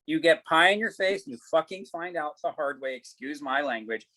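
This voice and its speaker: A man's voice: fairly high pitch, lively intonation, a little fast, sharp tone, poor audio. A middle-aged man, an actor, telling stories in a casual interview, acting out quoted dialogue and swearing casually. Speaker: actor guest.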